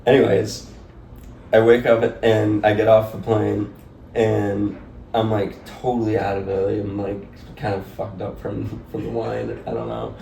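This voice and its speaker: A young man with a low, gravelly voice spins a rambling, laugh-filled story, leaning on "like" every few words. He sounds set back from the mic in an echoey room, with a faint hiss underneath. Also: little pitch movement, unhurried, warm tone, recorded from a distance. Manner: rambling, laughing, heavy use of "like". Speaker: podcast guest. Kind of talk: casual storytelling.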